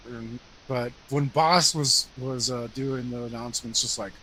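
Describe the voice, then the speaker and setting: A man's voice: medium pitch, fairly even intonation, unhurried, bright, forceful tone, slight background noise, low-quality recording. A man co-hosting a casual podcast chat, talking in an easygoing, rambling way. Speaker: podcast co-host.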